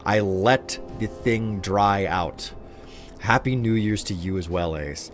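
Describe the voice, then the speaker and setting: A man's voice: fairly low pitch, slow pace. A young man from the Upper Midwest chatting casually and joking while reading his live stream's chat.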